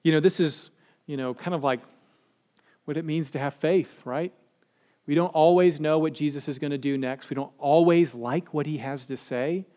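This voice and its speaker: A male pastor delivers a sermon in a church. He speaks conversationally and addresses his listeners directly, and his voice sits a little above the usual male pitch. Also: normal speed, dark tone.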